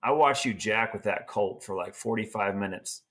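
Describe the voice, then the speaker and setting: Speaking on the low side at a moderate pace, a middle-aged Oregon man, a team roper and trainer, tells stories in an easygoing, folksy manner. He's animated and acts out the quotes.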